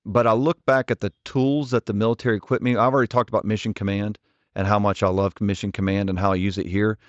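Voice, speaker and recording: Speaking fast in a level, low-leaning voice, this man in his forties shares stories as a podcast guest. A ministry leader, he is earnest and direct, frequently restarting sentences, on a lo-fi recording with no room sound.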